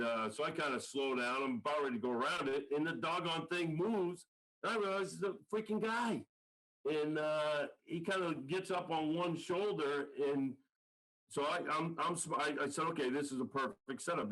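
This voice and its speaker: The guest is a middle-aged college football line coach recounting a story in a casual podcast interview, acting out what others said. His medium-pitched voice is steady and fairly bright, at a normal speed, though the recording quality is low.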